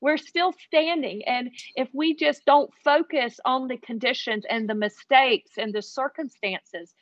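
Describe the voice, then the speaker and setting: A woman telling a heartfelt personal story as an interview guest, earnest and animated. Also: a little high, measured pace, dry recording, highs cut off.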